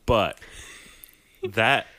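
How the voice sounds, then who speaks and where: A man's voice: lowish voice, very slow, sharp tone, dry recording. A man co-hosting a podcast who reacts with sarcastic, profane outbursts, jokes and laughter. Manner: sarcastic and swearing, breaks into joke voices and laughter. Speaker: podcast co-host. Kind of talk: casual chat.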